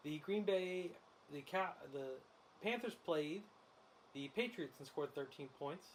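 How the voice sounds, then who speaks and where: Excitable male host, fairly high voice, laughs a lot, live betting chatter over a faint hiss. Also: measured pace. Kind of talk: casual sports betting commentary while watching a game.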